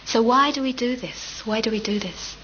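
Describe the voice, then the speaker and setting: A middle-aged woman giving a dharma talk as a meditation teacher, gentle and reflective with unhurried pauses. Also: fairly high pitch, a little hiss or hum. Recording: slightly muffled with faint ambience.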